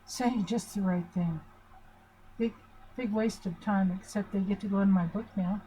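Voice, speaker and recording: A woman's voice: mid-range voice, normal speed, warm tone, muffled recording, a little hiss or hum. An older woman giving an informal, chatty lesson at a board, asking her listeners questions to reassure them. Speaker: family relationship teacher. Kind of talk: informal talk at a whiteboard.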